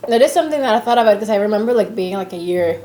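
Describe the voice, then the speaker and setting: A woman's voice: mid-range voice, very fast. A young woman guest chatting casually, telling stories with lots of energy and acting out the voices of the people she quotes. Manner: animated storyteller, acts out quoted voices, laughs often. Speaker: podcast guest. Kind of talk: casual chat.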